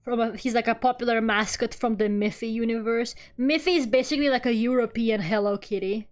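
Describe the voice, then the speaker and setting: Woman streamer w a higher voice, rambly and sweary, laughs a lot while drawing, faint music behind. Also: fairly even intonation, brisk. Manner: chatty and rambling, swears freely, laughs often. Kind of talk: casual chat while drawing.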